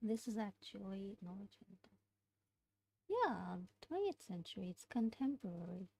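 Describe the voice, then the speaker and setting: A woman studying a language aloud, thinking out loud, hesitating and correcting herself as she works through exercises. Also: medium pitch, big pitch swings, normal speed, gravelly. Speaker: language learner streaming study session. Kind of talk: casual study-along lesson.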